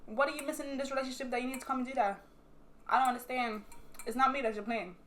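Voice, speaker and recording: A woman's voice: high-pitched, fast. Blunt young Bermudian woman vlogger. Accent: Bermudian, sometimes switching to British. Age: young adult. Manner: blunt, animated storytelling with frequent swearing. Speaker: vlogger answering viewer questions. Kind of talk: casual chat while sipping wine.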